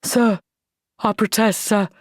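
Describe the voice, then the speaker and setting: A woman's voice: on the high side, moderate pace, dry recording, clean studio sound, pitched above the performer's own voice, close to an everyday voice. A woman voicing a huge, hot-tempered male army sergeant who bellows and fumes. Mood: angry protest. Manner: bellowing, furious.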